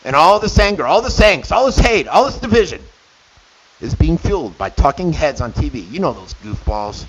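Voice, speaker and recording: A man's voice: fairly high pitch, big pitch swings, a little fast, fairly bright tone. A middle-aged man hosting a radio show, delivering an indignant opinion monologue with sarcastic asides. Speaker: radio host. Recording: dull lo-fi with faint hiss.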